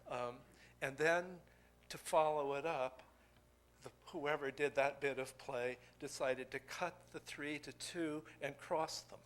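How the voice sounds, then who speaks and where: An older man giving a poetry craft lecture to an audience, musing and digressive, thinking aloud with pauses. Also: on the high side, fairly even intonation, fairly bright tone.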